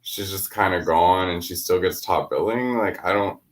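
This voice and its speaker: A man's voice: sits low, normal speed. A man co-hosting a casual movie discussion podcast, chatty and leaning on "like" a lot. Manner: chatty, leans on "like". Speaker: podcast co-host.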